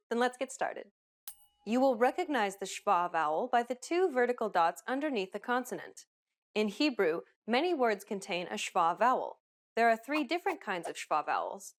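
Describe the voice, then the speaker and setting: A woman hosting a pronunciation lesson, giving upbeat, clearly enunciated scripted instructions. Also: a little high. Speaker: language teacher host.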